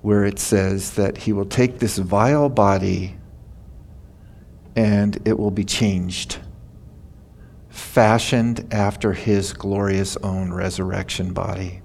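A man's voice: lowish voice, steady tone, slow pace, gravelly, darkish tone, a little hiss or hum. An older man preaching a sermon, telling stories in a folksy, chatty way. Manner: folksy storytelling, laughing at his own stories. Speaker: pastor.

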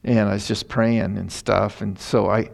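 A middle-aged man, a pastor, telling a story in a sermon in an earnest, animated way. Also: fairly low pitch, measured pace, creaky. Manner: earnest, animated retelling with emphatic rises.

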